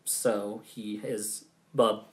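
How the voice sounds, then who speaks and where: A man's voice: fairly low pitch, level tone, very slow, crowd noise. A man running a tabletop game as game master, narrating in a loose, chatty way with laughing asides.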